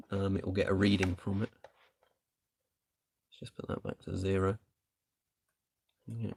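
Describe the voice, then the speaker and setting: A man's voice: fairly low pitch, creaky, noisy background. A man doing a casual live stream, chatting and thinking aloud while he tests equipment.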